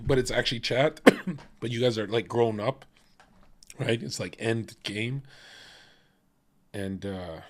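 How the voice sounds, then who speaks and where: A man streaming casually, reacting to videos with profane jokes and sudden shouted bits. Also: mid-range voice, slow, pauses often. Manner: profane, jokey, jumps to loud shouting bits.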